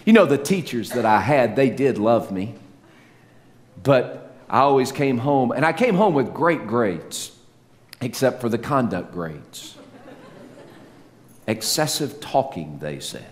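A middle-aged man preaching a sermon, animated, swinging between loud peaks and soft low asides, with self-mocking humor. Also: a little slow. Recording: long hall reverb, faint ambience.

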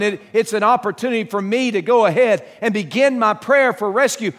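A middle-aged man preaches a sermon in an earnest, halting way, restarting his phrases and putting questions to the listeners. His voice sits high for a man. A long reverb from the hall trails each phrase. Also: a bit bright. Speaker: pastor.

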